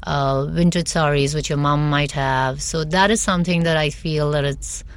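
Female guest stylist from India, low-pitched, animated and filler-heavy. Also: normal speed, clear, resonant tone. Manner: chatty and animated, many fillers. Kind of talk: casual interview chat.

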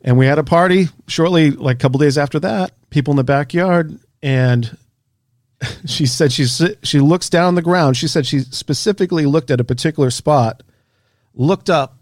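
A man, an author and researcher, telling a story in a casual interview, animated and casually swearing. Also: a little high, moderate pace, no echo, studio quality.

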